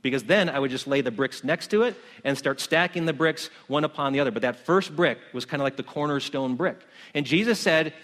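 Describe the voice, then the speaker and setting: A middle-aged male pastor delivering a sermon, with a voice that sits a little high for a man. He explains calmly, then climbs to fervent, near-shouted emphasis.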